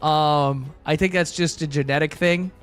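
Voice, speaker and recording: A man's voice: fairly high pitch, fairly even intonation, a little slow, clean tone, soft background music. A young man streaming live, chatting casually with his chat in a blunt, crude, rambling way.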